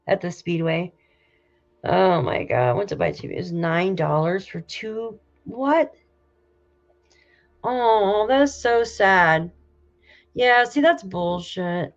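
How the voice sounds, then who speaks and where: A woman from New York State hosting a casual livestream, reading viewer comments aloud and reacting with loud exclamations and casual swearing. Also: fairly low pitch. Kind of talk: casual live chat. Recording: slightly dull lo-fi audio.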